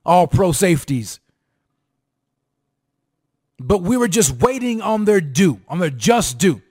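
Energetic male sports show host with a high-pitched voice, talks straight to the fans and repeats lines for punch. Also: slow pace, husky. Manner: hyped, repetitive, sing-song emphasis, calls out to audience. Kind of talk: fired-up sports commentary to fans.

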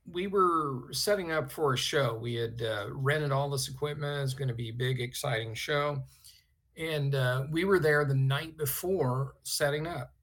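A man, a guest artist on a podcast, telling a personal story in a rambling, animated way with many fillers. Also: mid-range voice.

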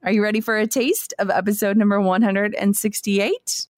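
A woman's voice: medium pitch, fairly even intonation, normal speed, background noise. A woman hosting a podcast, introducing past episodes and guests in a gushing tone. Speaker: podcast host. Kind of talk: recap narration and show intro.

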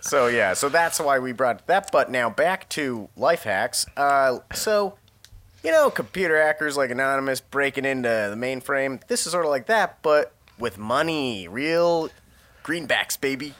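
Bright-voiced man, rambling podcast chat. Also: mid-range voice, lively intonation, unhurried. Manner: jokey, rambling, laughs often. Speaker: podcast co-host. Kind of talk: casual chat.

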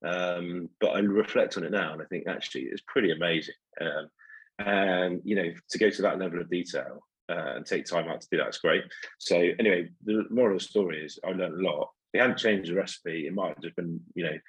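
Casting: low, husky-voiced business owner, rambling anecdote, dry close sound. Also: male voice, normal speed, fairly bright tone, dry recording, rough recording. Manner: rambling, many ums and restarts. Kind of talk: casual storytelling in an interview.

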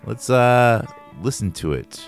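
Male podcast host, casual banter, lively pitch swings, faint music. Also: takes it slowly, gravelly. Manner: laughing, profane, animated. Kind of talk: casual comedic chat.

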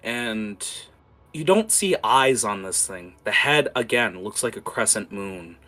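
A man's voice: fairly low pitch, expressive, a little slow, pushed and bright. A man running a tabletop game as game master, narrating scenes vividly with many fillers.

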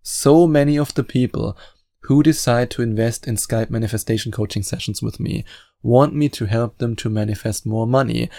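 A man's voice: medium pitch, fairly even intonation, normal speed, vocal fry, dark tone, no echo, studio quality. A man hosting a motivational podcast, speaking in an earnest, emphatic and persuasive way. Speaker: podcast host and manifestation coach.

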